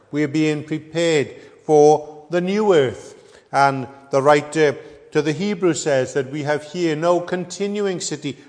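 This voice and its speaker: A middle-aged man preaching a sermon, earnest and measured, pausing often with ums. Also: fairly high pitch. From Wales. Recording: echoey hall with long reverb.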